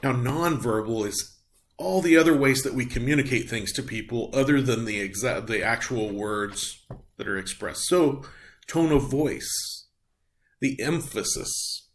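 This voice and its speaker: A man's voice: medium pitch, measured pace. Man giving a recorded lecture. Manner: explanatory, frequent ums and uhs. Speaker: nursing instructor.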